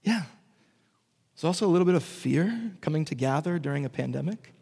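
A man preaching a sermon as pastor, moving between animated asides and hushed, slow emphasis. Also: a little high, creaky, slightly rough, long reverb tail.

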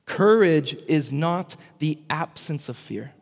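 A man preaching a sermon as pastor, moving between animated asides and hushed, slow emphasis. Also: fairly high pitch, gravelly, long reverb tail.

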